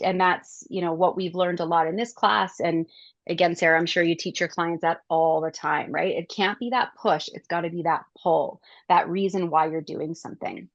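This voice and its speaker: A woman wellness coach leading a class, telling stories and acting out her own reactions in a lively way. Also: on the low side, dry recording, dull audio.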